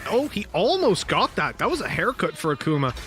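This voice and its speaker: A man's voice: sits high, sing-song, fairly quick, a bit bright, slight background noise. Chatty man casting a live esports match. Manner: chatty, laughs between points. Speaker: esports caster.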